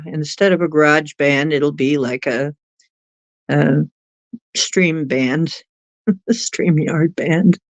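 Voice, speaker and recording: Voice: mid-range voice, no echo. An easygoing livestream host talks unhurriedly with viewers and giggles often. The sound is dull and lo-fi, with a dry, close feel and little room. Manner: giggly, chatty, laughs often. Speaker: livestream host reading chat. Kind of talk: casual chat with viewers.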